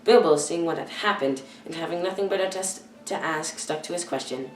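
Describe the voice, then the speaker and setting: A teenage girl reading a children's novel aloud, careful and halting, often stumbling and correcting herself. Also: on the low side, faint music behind. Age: teens. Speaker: youth reader. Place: church hall. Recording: echoey room, far from the mic.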